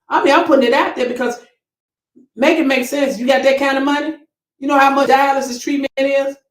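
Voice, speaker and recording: Her voice is a little high, and the recording is rough with room echo. Hosting a casual commentary channel, she reads viewer comments and responds emphatically and preachily, with exclamations to the Lord.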